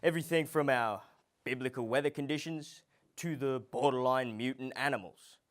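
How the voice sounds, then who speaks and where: A man hosting a mock TV comedy show, with showy announcements broken up by flat deadpan asides. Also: mid-range voice, moderate pace.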